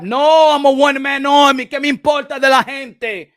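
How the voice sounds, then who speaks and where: A man hosting a boxing commentary channel in a loud, profane, shouting rant that switches between English and Spanish. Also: very high voice, moderate pace, hardly any pauses, no echo, clean studio sound. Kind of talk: ranting video commentary.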